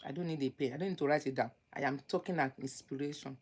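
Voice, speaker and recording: A woman giving relationship advice in an emphatic, preachy way, repeating her points and swinging between loud outbursts and low muttering. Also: steady tone, fast, breathy edge. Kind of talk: lecturing advice monologue.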